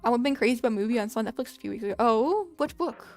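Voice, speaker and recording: A woman's voice: fairly high pitch, animated, very fast, darkish tone, faint music behind. A young woman streamer chatting casually with viewers, rambling with lots of fillers and frequent laughs. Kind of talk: casual chat.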